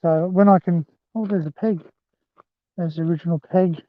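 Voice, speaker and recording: On a rural rail trail, a man vlogs live from a handheld phone, addressing his audience as "guys" in a rambling, chatty way. His voice is high-pitched and steady at normal speed. There is no room sound, just a dry, thin phone-like recording.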